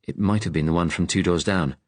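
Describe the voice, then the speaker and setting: In scripted audiobook narration, a man with a deep, low voice reads a wartime thriller, keeping his delivery measured, serious, and steady. The recording is close-miked and dry, with no room around it.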